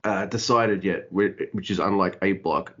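Husky guy cohosting a podcast, super animated, goofs around, lo-fi muffled audio. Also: low voice, normal speed. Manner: animated, joking, breaks into sung hums. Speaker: podcast co-host. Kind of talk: casual chat. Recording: dull lo-fi sound.

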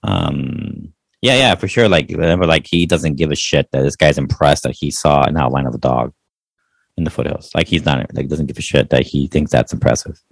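A man's voice: rumbling low, moderate pace, vocal fry, dry recording. A man co-hosting a podcast, chatting casually about movies, laid-back, swearing easily and trailing off with fillers. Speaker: podcast co-host. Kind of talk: casual movie review chat.

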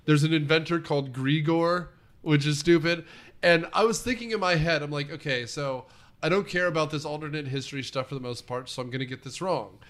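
A man co-hosting a casual movie-review chat, rambling with lots of fillers and quick laughs. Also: fairly high pitch, a bit bright. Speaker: podcast co-host.

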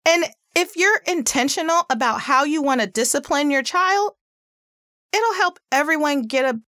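A woman with a somewhat high, pitchy voice talks through parenting tips in a casual, earnest way. She leans on emphasis and fillers. The sound is dry and close, with no room around it. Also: fairly bright tone, no room sound. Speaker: parenting podcast host. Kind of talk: casual advice talk.

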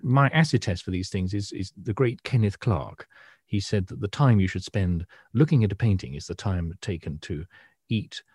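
A British man co-hosting an art podcast, explaining paintings in a self-deprecating, hesitant way with many pauses. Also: low voice, darkish tone, breathy edge, no echo, clean studio sound. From Britain. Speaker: podcast co-host, art historian. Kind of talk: casual chat.

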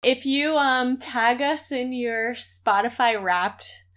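A woman's voice: fairly high pitch, slow pace, fairly bright tone, clean tone. A woman co-hosting a podcast in easygoing, giggly chat, with an American accent, recorded on a makeshift setup. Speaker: podcast co-host.

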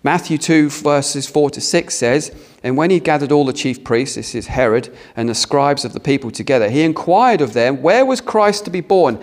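A man's voice: medium pitch, normal speed, few pauses. A British man preaching a sermon in a conversational way, asking the congregation questions. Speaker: pastor. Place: church hall with a congregation.

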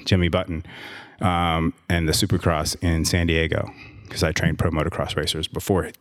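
A man's voice: rumbling low, flat delivery, normal speed, fairly bright tone. A man being interviewed, a gym owner and trainer telling a long story in a rambling, sarcastic way with many restarts.

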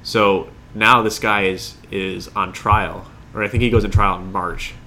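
A man with a fairly low voice and a bright, forward tone tells a story in relaxed podcast conversation, earnest with a wry streak. Light background hiss. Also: unhurried. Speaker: podcast co-host. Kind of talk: casual chat.

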